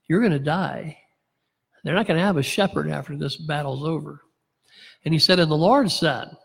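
A man preaching a sermon, his voice sitting a bit higher than most men's. He reads scripture aloud and acts out the lines with dry, sarcastic humor. A long reverb trails behind him, as in a large hall. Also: vocal fry, slightly rough. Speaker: pastor.

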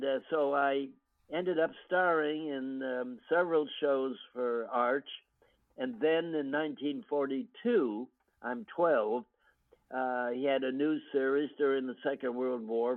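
An older American man, a guest actor, reminiscing in an interview with unhurried storytelling full of ums and restarts. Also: mid-range voice. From United States. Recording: tinny phone-line audio.

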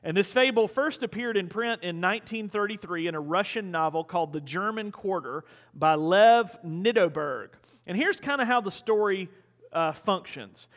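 Man preaching, high voice, casual storyteller, long hall reverb. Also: a bit bright. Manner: conversational storytelling. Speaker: pastor. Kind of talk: sermon.

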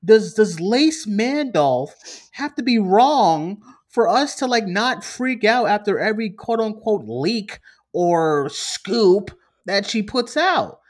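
A man's voice: high voice, expressive, takes it slowly. A man co-hosting a podcast in casual chat, rambling and repeating himself as he gets worked up. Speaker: podcast co-host.

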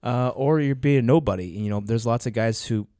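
A man's voice: mid-range voice, brisk, mellow, no echo, clean studio sound. A man co-hosting a podcast, talking in a casual, earnest way with many fillers and restarts. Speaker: podcast co-host. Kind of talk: casual chat.

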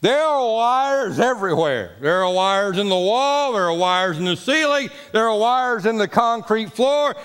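A man's voice: high voice, animated, measured pace, few pauses, a bit bright, clear, resonant tone. A pastor preaching a folksy, repetitive sermon in his church sanctuary. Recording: long church reverb.

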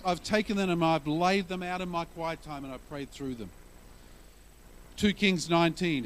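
A man's voice: sits high, fairly bright tone. A male pastor preaching a sermon in a conversational way, telling stories and using humor to explain scripture.

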